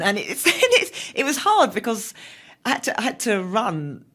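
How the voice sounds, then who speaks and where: A middle-aged woman appears as an interview guest, telling stories casually and animatedly, laughing often. Her voice is on the high side and a little slow.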